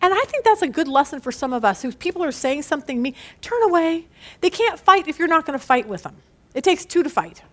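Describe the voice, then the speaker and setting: Bible study leader, middle-aged woman, high bright voice, animated, laughs at herself. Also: a little fast. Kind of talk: lively Bible study teaching.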